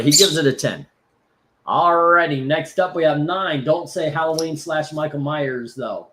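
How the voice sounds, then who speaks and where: A man's voice: a little high, a bit bright. A man from Florida hosting a casual live stream, rambling with lots of fillers and restarts while reading out chat. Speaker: host.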